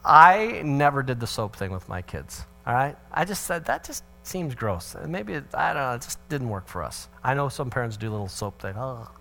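A man's voice: mid-range voice, big pitch swings, brisk, vocal fry, hardly any pauses, pushed and bright. A middle-aged male pastor giving a conversational, joking parenting talk at church and acting out quotes in changed voices.

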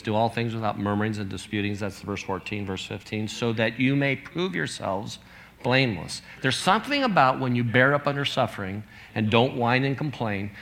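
A man's voice: medium pitch, fairly bright tone, a little hiss or hum. A pastor in his fifties gives an earnest, conversational sermon, reading out scripture as he goes.

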